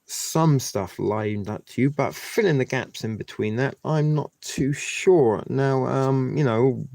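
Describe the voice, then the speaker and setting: A man's voice: medium pitch, slow pace, gravelly, darkish tone, no room sound. A man hosting a live stream, talking to his viewers in a rambling, chatty way. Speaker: livestream host. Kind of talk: casual live-stream chat.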